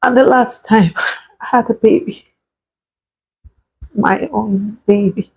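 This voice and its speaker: Tearful woman in her thirties, vlog confession; slow, husky, a low warm fry. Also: fairly even intonation, rough recording. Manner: slow, halting, grieving. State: tearful, crying at times. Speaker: vlogger sharing a personal story. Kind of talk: emotional personal storytelling.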